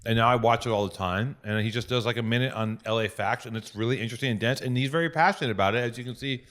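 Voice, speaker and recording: This podcast host speaks very fast in a mid-range voice. In a relaxed chat he swears freely and tells lively stories, acting out the quotes.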